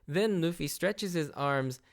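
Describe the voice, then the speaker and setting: A man's voice: a little high, slow pace. A man hosting a podcast, recapping anime episodes in a casual, enthusiastic way and laughing often. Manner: enthusiastic, laughs often, mimics character lines. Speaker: podcast host.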